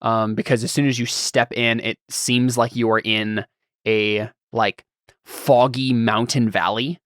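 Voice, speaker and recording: A man's voice: mid-range voice, fairly even intonation, a little slow, fairly bright tone, dry recording, clean studio sound. A man narrating as game master for a tabletop game, rambling and searching for words as he describes the scene.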